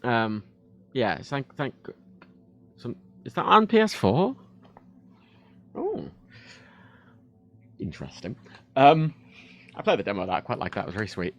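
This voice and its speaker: Male streamer: animated pitch, loose, sweary, restarts a lot. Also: measured pace, pauses often. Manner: rambling, sweary, self-interrupting. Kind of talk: casual livestream chat.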